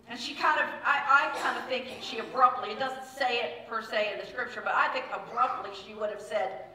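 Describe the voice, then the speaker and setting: A woman's voice: a little high, fairly even intonation, brisk, pushed and bright, slight background noise. A woman pastor giving a conversational sermon in a church, telling the story with acted-out quotes. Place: church sanctuary. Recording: echoey church room, mic at a distance.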